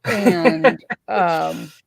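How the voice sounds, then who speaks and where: A woman hosting a casual live stream, hoarse from swelling in her neck, who chats in a self-mocking way and reads viewer comments aloud. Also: on the low side, very slow, no echo. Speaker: livestream host.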